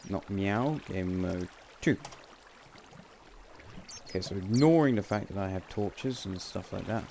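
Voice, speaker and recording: A man's voice: sits low, creaky, a little mellow, slight background noise. A man giving casual, rambling gameplay commentary with wry asides and frequent self-corrections. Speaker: game channel host.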